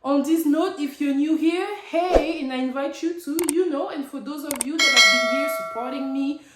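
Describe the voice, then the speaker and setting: A woman casually recapping a reality TV episode, animated and slangy, laughing often. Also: high voice, normal speed, reverberant, very noisy. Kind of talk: casual chat.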